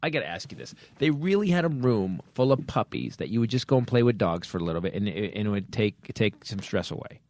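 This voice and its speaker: A man's voice: fairly low pitch, very animated, fast, hardly any pauses, a little mellow, no echo. A middle-aged man hosting a comedy podcast, teasing and laughing through casual banter. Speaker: podcast host.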